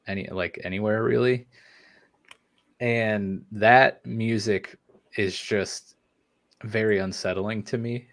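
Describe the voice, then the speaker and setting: A man hosting a podcast, reading listener comments in a relaxed way with many fillers. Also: lowish voice, no room sound. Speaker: podcast host. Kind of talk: casual podcast chat.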